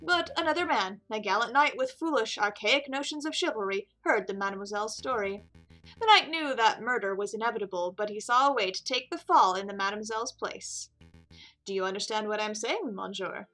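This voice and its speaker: A woman's voice: mid-range voice, a little fast, sharp tone, faint music behind, lightly acted. A woman voicing a suave man who poses as a prince, telling his story in a theatrical way. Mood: storytelling. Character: suave male French con artist prince.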